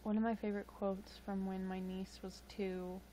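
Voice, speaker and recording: A woman's voice: mid-range voice, little pitch movement, moderate pace, mellow, a little hiss or hum. A tired woman chatting casually with live-stream viewers, rambling with frequent chuckles and fillers into a webcam mic. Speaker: livestream host.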